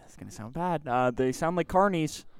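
Smooth-voiced young man. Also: on the high side, animated, moderate pace. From Canada. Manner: laid-back, joking, frank opinions. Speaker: podcast co-host. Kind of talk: casual chat.

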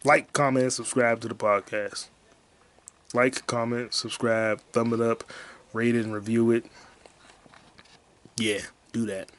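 A man's voice: mid-range voice, level tone, a little slow, long pauses, a bit bright. Crude, rambling podcast man. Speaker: podcast host. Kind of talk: solo comedy podcast rant.

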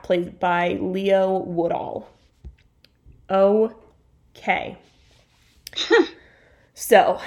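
A woman talks casually as a podcast co-host, walking through a show's characters. She is chatty and playful, often stopping to correct herself and toss in asides. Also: mid-range voice.

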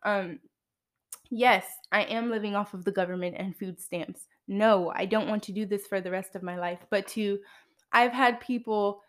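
A woman's voice: mid-range voice, fairly even intonation, moderate pace. A woman in her twenties talking frankly on her podcast in a casual monologue, with wry asides. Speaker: podcast host.

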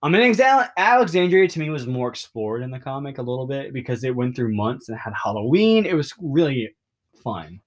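Rambling, excitable young man. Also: mid-range voice, a little fast. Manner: rambling and excitable, many fillers and restarts; openly emotional. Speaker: podcast host. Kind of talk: casual podcast recap of a comic.

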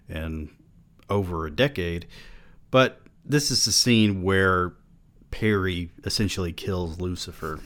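A man who writes novels, giving a blunt, sardonic, casual book review and swearing freely. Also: low voice.

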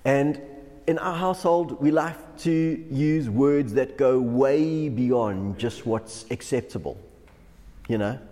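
A man's voice: medium pitch, slow pace, warm tone. A man, a pastor giving a devotional sermon who often chuckles through his stories. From South Africa. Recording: long hall reverb.

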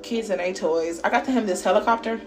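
A woman hosts her podcast from home, telling a casual story candidly and with animation, swearing often and bursting into laughter. Her voice is medium-pitched and brisk, and music plays underneath.

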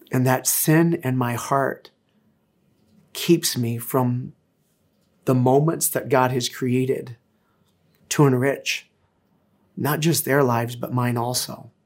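Earnest man preaching a casual sermon. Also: medium pitch. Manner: earnest, conversational preaching with hesitations. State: tearful, emotional. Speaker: pastor.

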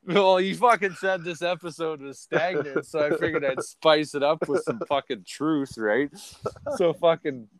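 A man's voice: a little high, normal speed. A middle-aged man hosting a podcast, rambling through crude, profane stories in casual chat. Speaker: podcast host.

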